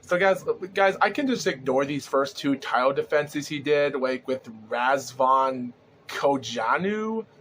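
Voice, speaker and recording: A man hosting a rambling solo podcast, talking excitably with lots of fillers and restarts, his throat sore and groggy and his breath short. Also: medium pitch, unhurried, slight background noise. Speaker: podcast host. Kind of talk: solo casual podcast commentary.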